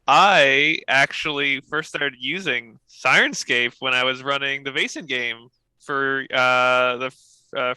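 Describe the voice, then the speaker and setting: Bright, gravelly-voiced eager gamer man. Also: medium pitch, no room sound, rough recording. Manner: eager, halting with many fillers. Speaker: player and streamer. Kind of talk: casual self-introduction.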